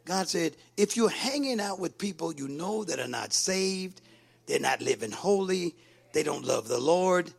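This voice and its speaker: A man preaching a sermon in an animated way, calling out to the congregation. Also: fairly high pitch, vocal fry.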